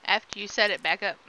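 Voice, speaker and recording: Playful bright-voiced woman streaming a game. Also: medium pitch. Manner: playful and silly, making sound effects and meowing. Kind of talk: casual game streaming commentary. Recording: slightly dull lo-fi sound with faint noise.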